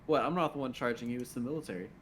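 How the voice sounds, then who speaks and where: A man's voice: medium pitch, rapid-fire, slight background noise. Man laughing and pleading on stream. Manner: laughing, swearing, mock-pleading. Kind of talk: casual stream chat.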